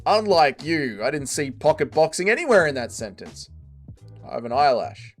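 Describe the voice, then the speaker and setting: A man's voice: a little high, sing-song, normal speed, soft background music. A man hosting a livestream, reading viewer comments aloud with joking, profane banter. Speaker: livestream host.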